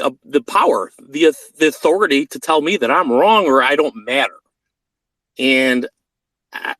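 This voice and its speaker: In a casual storytelling monologue, a vlogger in his thirties recounts a personal story bluntly and profanely, acting out the quoted lines. His voice is a little high and a bit bright. The recording is rough but has no echo.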